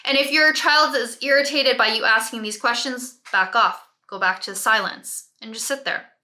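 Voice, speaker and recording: Woman, parent coach, very bright sharp voice, a bit high, direct coaching manner. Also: normal speed. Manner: coaching, direct, often adds "right?" checks. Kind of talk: advice talk to camera.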